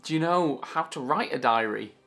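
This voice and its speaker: A man's voice: on the high side, expressive, moderate pace, gravelly, a bit bright. A man teaching a writing lesson for children in an upbeat, chatty and playful way.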